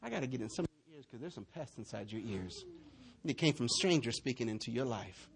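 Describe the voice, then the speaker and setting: A man preaching a sermon, telling stories with big swings between shouting and hushed asides. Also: medium pitch, fast, creaky. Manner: animated storytelling, swinging between shouts and near-whispers. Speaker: pastor.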